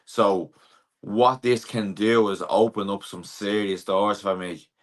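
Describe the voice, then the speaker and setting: This young Irish professional boxer has a fairly low, slow voice. He talks through a casual interview in a relaxed, plain-spoken manner, using plenty of fillers.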